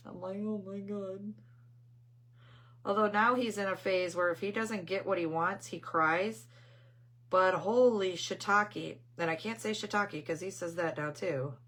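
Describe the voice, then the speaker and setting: A woman's voice: lowish voice, moderate pace, a bit bright. A middle-aged woman hosting a craft channel, chatting casually on a live stream and telling rambling family stories. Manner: greets viewers mid-story.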